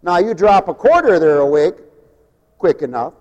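High-voiced preacher in an echoing hall. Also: male voice, normal speed, highs cut off. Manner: animated, swings from loud outbursts to low mumbling. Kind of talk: sermon.

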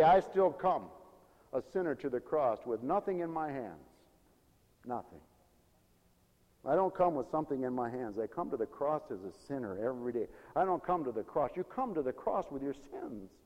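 A man preaching a sermon as pastor, swinging between quiet asides and loud, high exclamations, often laughing between points. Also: big pitch swings, normal speed, big-room sound, muffled recording.

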